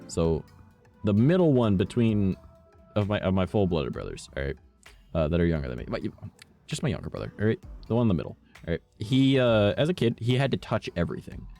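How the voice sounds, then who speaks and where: A young man chats casually while gaming on stream, rambling through long stories, swearing freely, laughing at himself, and tacking "right?" and "all right?" onto his sentences. His voice is lowish, warm, very animated and a little fast, with faint game music behind him.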